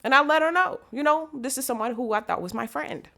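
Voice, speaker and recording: Woman w/ storytelling, animated, does all the voices. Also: sits high, a little fast, creaky. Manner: animated, acts out quotes. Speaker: vlogger.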